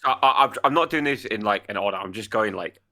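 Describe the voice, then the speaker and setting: A man's voice: on the low side, quick pace. A young man co-hosting a podcast, telling stories animatedly with plenty of swearing. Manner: animated storytelling, frequent agreement and swearing. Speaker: podcast co-host. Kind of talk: casual chat.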